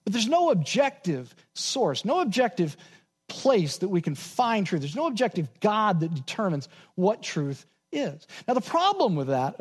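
Lively-pitched male preacher. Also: slightly rough. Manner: repeats key points slowly for emphasis; animated delivery, dropping to quiet asides. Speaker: pastor. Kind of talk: sermon.

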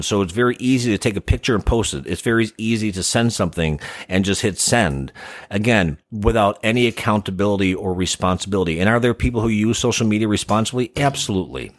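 A man's voice: on the low side, no room sound. A man co-hosting a podcast, who talks in an earnest, reflective and opinionated way and sounds like a counselor. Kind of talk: casual podcast chat.

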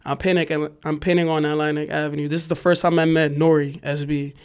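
A young man from New York telling a wild story in a casual chat, animated and profane, acting out the shouting cops. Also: a little high, fast, clean tone. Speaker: podcast guest, graffiti writer.

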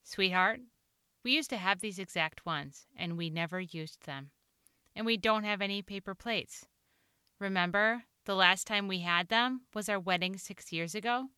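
A woman's voice: medium pitch, moderate pace, sharp tone, clear, resonant tone, no room sound, close to an everyday voice. A woman reading the lines of a blunt, practical wife in a personal story, in a dry, matter-of-fact way.

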